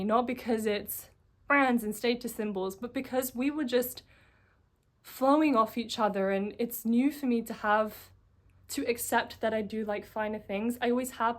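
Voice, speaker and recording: A woman's voice: fairly high pitch, moderate pace. A woman vlogger telling a personal story in a chatty, casual way, full of fillers. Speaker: coaching vlogger.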